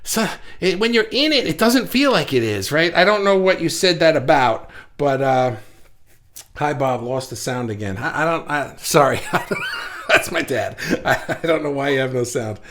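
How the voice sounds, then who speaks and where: A man hosting a casual live stream, reading viewer comments aloud and thinking out loud with many restarts, recorded indoors under studio lights. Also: a little high, expressive, normal speed. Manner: rambling, self-correcting, reflective. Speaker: livestream host. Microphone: facing camera, reading viewer comments.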